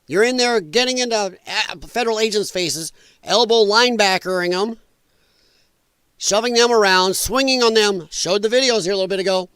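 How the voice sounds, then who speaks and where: A man with a fairly high voice runs his own live commentary stream, heated and mocking as he rants. The sound is dry and close, with no room around him. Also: moderate pace, fairly bright tone, clear, resonant tone, no room sound. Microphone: headphones and desk mic.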